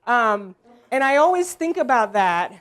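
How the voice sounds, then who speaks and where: A woman leading an improv workshop, explaining to a group in a relaxed way, with frequent ums. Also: fairly high pitch, unhurried. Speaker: workshop leader. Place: room with a group.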